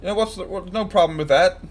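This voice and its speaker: Chatty man streaming a football watchalong. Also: high voice. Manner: chatty, joking, fan-biased predictions. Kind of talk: casual live match commentary.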